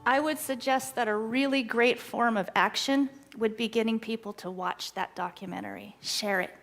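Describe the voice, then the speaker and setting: A middle-aged woman giving an earnest, excitable talk at a church, telling stories from her own life. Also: fairly high pitch, normal speed, faint music behind. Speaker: guest speaker.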